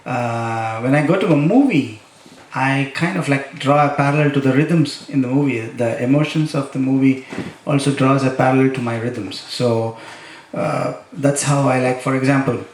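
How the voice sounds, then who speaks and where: A man's voice: medium pitch, normal speed, slight background noise. A man leading a workshop demonstration, chanting rhythm syllables between spoken explanations. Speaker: konnakol workshop teacher. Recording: echoey room, heard from a distance.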